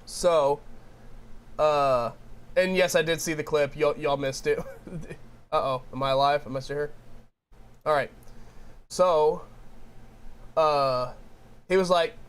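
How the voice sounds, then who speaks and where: A man's voice: on the high side, slow, long pauses, clean tone. A man streaming and chatting with his viewers, ranting in a rambling way with lots of restarts. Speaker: game streamer. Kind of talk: casual chat with stream viewers.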